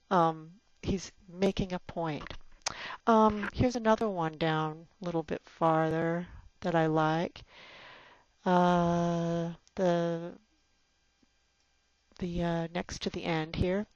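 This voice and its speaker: A woman's voice: lowish voice, steady tone, takes it slowly, pauses often, no room sound. A woman teacher explaining poetry in a recorded lecture, with many fillers and restarts, tapping out the rhythm aloud. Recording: dull lo-fi recording.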